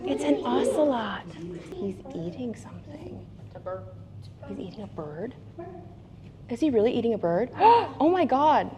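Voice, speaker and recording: A woman vlogging casually as she walks through a theme park and zoo, chatty and excitable, often gasping and exclaiming. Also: fairly high pitch, a little slow, long pauses, a crowd in the background, poor audio. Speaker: travel vlogger. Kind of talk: casual vlog walk-through. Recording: outdoor ambient noise.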